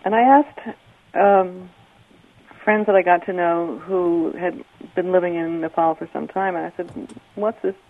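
A man calling in, telling a long story in a rambling, hesitant way with many fillers. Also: fairly high pitch. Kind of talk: casual phone-in account. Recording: tinny phone line.

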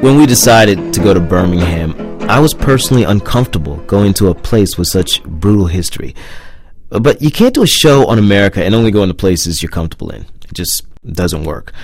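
A man's voice: low-pitched, animated, fairly quick, soft background music. A man hosting and narrating a documentary feature in a wry, conversational scripted style. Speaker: host and narrator.

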